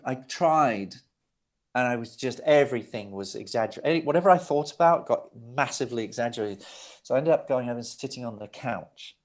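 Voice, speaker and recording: In a sit-down interview, a middle-aged man who works as a record producer launches into an animated, meandering anecdote. His medium-pitched voice moves a little fast with lively intonation, and he performs the quoted voices as he goes.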